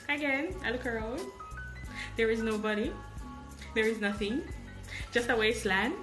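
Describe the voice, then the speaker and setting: A woman's voice: a little high, moderate pace, long pauses, roomy sound, music in the background. A woman with a Jamaican accent who hosts a podcast, animatedly telling a travel story and acting out the dialogue. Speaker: podcast host.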